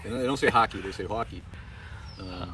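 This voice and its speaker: A man's voice: lowish voice, fast talker, pushed and bright, a little hiss or hum. Bantering man outdoors, distant phone mic. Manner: bantering, slips into put-on accents. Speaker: podcast host. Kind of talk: live-stream chat outdoors. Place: outdoors by train tracks.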